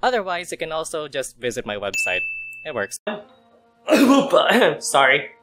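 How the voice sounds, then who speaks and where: A man with a worn-out, hoarse voice casually reading a visual novel aloud for a let's play, with apologetic asides. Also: a little high, huge pitch swings, takes it slowly. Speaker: gaming YouTuber.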